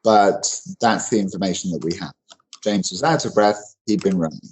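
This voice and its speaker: A man's voice: low voice, moderate pace, darkish tone, slightly rough, rough recording. A man teaching English grammar in an online lesson, explaining in a loose conversational way with many fillers and restarts.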